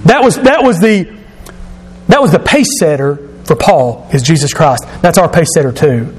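A pastor preaching a sermon to his congregation, emphatic and rising to shouts at his key points. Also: on the high side, animated, moderate pace, husky. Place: church sanctuary. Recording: long reverb of a church hall.

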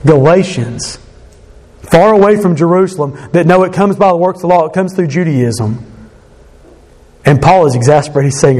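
A man's voice: medium pitch, warm tone. A man preaching a sermon as pastor, earnest, voicing quoted speakers with emphasis.

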